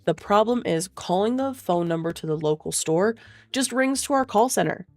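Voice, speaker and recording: A woman's voice: medium pitch, lively intonation, normal speed, no echo. A young woman streamer telling a rambling, swear-laden story in a casual way, full of fillers. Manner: profane, rambling, filler-heavy.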